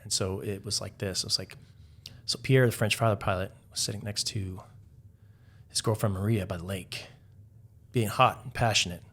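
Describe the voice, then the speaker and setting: With a fairly low, fairly bright voice and fairly even intonation, a man speaks at a moderate pace with long pauses. He's a podcast guest telling casual, rambling stories, constantly saying "like" and starting over.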